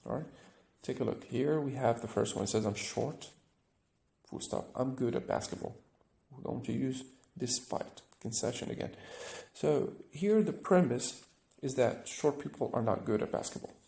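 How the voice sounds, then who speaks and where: A man with a gravelly, creaky voice teaches a grammar lesson, walking through examples step by step and checking in with "right?". The recording has a noticeable echo from the room. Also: medium pitch, moderate pace, warm tone. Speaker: English teacher.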